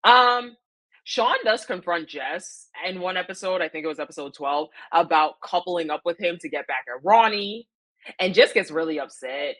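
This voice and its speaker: A woman's voice: lowish voice, expressive, normal speed, a bit bright. A woman recapping a reality show in casual chat, opinionated and emphatic, repeating her points and using slang and fillers. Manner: chatty, with frequent fillers and slang.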